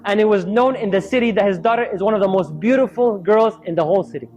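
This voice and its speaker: High-voiced man telling a sermon story. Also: fast, lo-fi sound, soft background music. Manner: acts out quoted voices in lively storytelling. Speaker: Islamic speaker.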